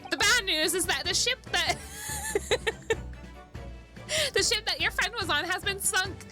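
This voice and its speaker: A woman's voice: very high-pitched, a little slow, pitched above the performer's own voice. A woman voicing a cheerful, bubbly young girl, reading game lines in a lilting, upbeat way over background music.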